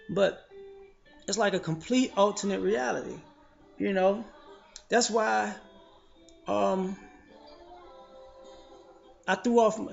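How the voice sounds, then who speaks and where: Man, profane commentary monologue, gravelly voice, lo-fi recording. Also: high-pitched. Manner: blunt, profane, animated storytelling. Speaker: vlogger. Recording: slightly dull lo-fi audio.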